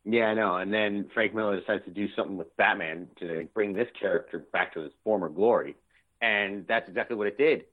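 A man's voice: fairly low pitch, a little fast. Chatty young man, muffled recording. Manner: enthusiastic, rambling with many fillers. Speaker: podcast co-host. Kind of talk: casual chat. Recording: dull lo-fi recording.

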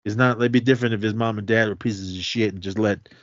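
A man's voice: fairly low pitch, quick pace, no room sound. A man co-hosting a podcast, casually recapping a movie scene by scene with lots of swearing and laughter. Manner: profane, animated retelling with frequent laughs. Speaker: podcast co-host. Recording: dull, dry lo-fi podcast mic.

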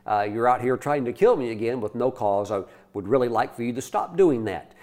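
A man's voice: medium pitch, animated, brisk, darkish tone, close to an everyday voice. A man voicing a bold young man who speaks in a blunt, matter-of-fact way.

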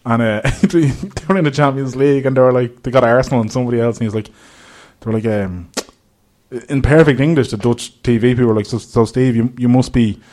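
A man with a Dublin accent co-hosting a casual podcast, quick and jokey and often laughing. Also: medium pitch, a little mellow. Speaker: podcast co-host. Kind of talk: casual chat.

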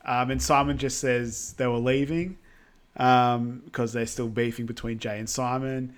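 A man's voice: mid-range voice, fairly even intonation, measured pace. A young man with an everyday mid-range voice recaps a film for a podcast. He rambles from scene to scene, leaning on ums and loose asides as he goes. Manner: rambling, filler-heavy storytelling. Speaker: podcast co-host. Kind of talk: casual film recap chat.

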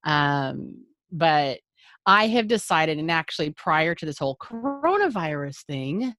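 A woman with a deep voice speaks at a measured pace, her pitch swinging widely. Guesting on a podcast, she chats frankly and casually, rambling and restarting often.

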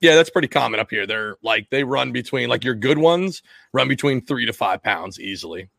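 A man's voice: mid-range voice, animated, brisk, creaky, fairly bright tone, no room sound. A man hosting a casual fishing podcast, a rambling storyteller who laughs and restarts his sentences. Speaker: podcast host.

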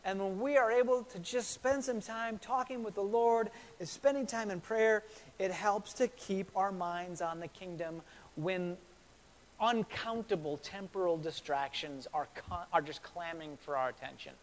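High-voiced pastor preaching in a reverberant hall. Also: male voice, normal speed, slight background noise. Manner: conversational, repeats words, asks the congregation questions. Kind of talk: sermon.

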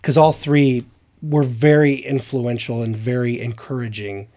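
A man's voice: mid-range voice, little pitch movement, a little slow, dark tone. A man co-hosting a podcast in casual chat, telling earnest, heartfelt stories and acting out what other people said to him. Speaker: podcast co-host.

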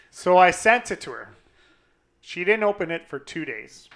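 A young man co-hosting a casual talk show, spinning a story with animated, profane energy. His voice sits a little high and rings bright and forceful. He acts out what others said to him. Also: unhurried. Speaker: podcast co-host.

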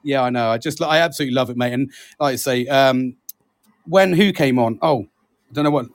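A man's voice: mid-range voice, fairly even intonation, fast talker, dry recording, studio quality. A British man hosting a casual podcast, chatty, laughing often and calling his co-host mate. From Britain.

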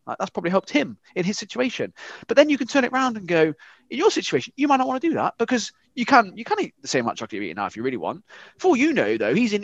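A British man in a casual podcast chat, ranting and swearing in an animated way. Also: on the high side, no room sound, dull audio.

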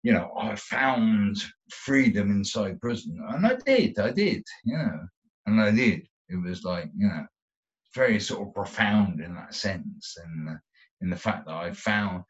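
A man's voice: sits low, big pitch swings, normal speed. A man telling his own story in an interview, rambling and swearing a lot, with many restarts. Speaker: guest. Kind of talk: candid interview. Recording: dull lo-fi sound.

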